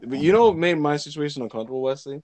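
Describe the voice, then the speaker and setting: A man's voice: a little high, rapid-fire. A young man hosting a casual comedy chat, telling stories animatedly and acting out what people said. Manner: animated storyteller, acts out quotes, laughs loudly. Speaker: podcast host.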